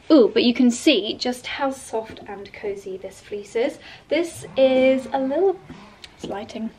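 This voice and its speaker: A woman's voice: a little high, darkish tone. A woman chatting in a casual, bubbly home vlog, with playful asides. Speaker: lifestyle vlogger. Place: home indoors.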